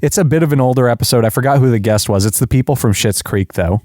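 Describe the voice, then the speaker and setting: Male podcast host, animated, conversational; dry close mic. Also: mid-range voice, no room sound. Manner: animated, quick to do voices and laugh. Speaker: podcast host, movie reviewer. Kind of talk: casual chat.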